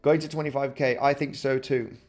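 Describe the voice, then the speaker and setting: A man's voice: mid-range voice, level tone, brisk, a little mellow, faint music behind. A man with an English accent hosting a live crypto trading stream, talking through charts and chat comments with lots of "okay?" and "right?". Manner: chatty, fillers and repeated "okay?", "right?". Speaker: crypto trading livestream host. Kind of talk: live market analysis reading chat.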